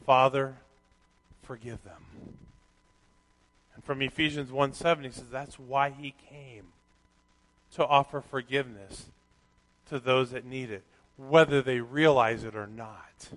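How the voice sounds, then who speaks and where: A man preaching a sermon, reading scripture aloud and swinging from quiet reflection to loud, animated emphasis. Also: medium pitch, unhurried. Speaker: pastor. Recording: long hall reverb.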